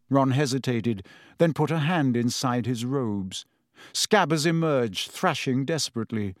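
A man narrating a storybook in an expressive, lively manner. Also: mid-range voice, a little slow, dry recording, clean studio sound. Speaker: audiobook narrator.

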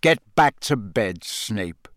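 A grizzled old wizard-hunter, as a male narrator puts him on, growling his lines slowly and with menace. His words come out rough and unhurried. The read is dry, with no room around it. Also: fairly low pitch, sing-song, a bit bright, no echo, pitched below the performer's own voice, full character voice. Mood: menacing.

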